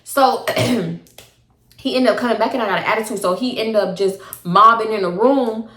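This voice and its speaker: Animated young woman telling a story. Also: fairly high pitch, normal speed. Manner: animated, slangy, acts out both sides of arguments. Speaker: storytime vlogger. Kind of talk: casual storytelling to camera. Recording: echoey room.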